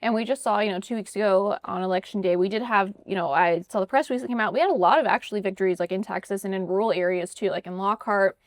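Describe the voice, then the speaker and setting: A woman hosting a political interview show, talking in a brisk, conversational way full of "you know" and "like". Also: mid-range voice, no echo, clean studio sound. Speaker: podcast host.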